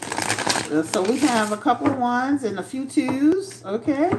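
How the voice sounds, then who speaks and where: A woman hosting a casual livestream, talking with emphatic, animated energy and swearing. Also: sits high, measured pace, roomy sound, background noise. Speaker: tarot reader and livestream host.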